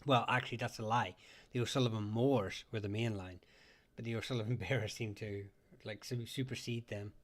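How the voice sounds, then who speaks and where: A man's voice: lowish voice, fairly even intonation, moderate pace. A man with a Northern Irish accent hosting a casual live chat, rambling and laughing often as he talks. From Northern Ireland. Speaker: livestream host.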